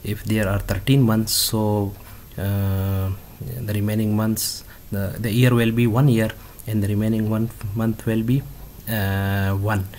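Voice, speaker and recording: A man teaching a database tutorial step by step, halting often with fillers and restarts. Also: fairly low pitch, flat delivery, a little mellow, slight background noise. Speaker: instructor. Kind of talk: screen-recorded coding tutorial.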